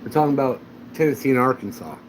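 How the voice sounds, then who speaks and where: A man's voice: medium pitch, animated, quick pace, slight background noise, rough recording. A man hosting a casual livestream chat, telling rambling anecdotes. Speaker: channel host.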